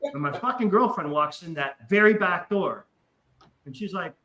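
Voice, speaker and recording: A man's voice: on the high side, a little fast, reverberant, low-quality recording. A man casually telling a wild story, swearing often and acting out the voices of the people in it. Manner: animated, profane, acts out voices in his story. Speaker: podcast guest.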